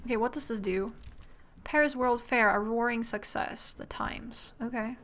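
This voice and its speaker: A woman streaming a game, chatting casually and reading its text aloud, with playful, excited asides. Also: on the high side, normal speed, slight background noise.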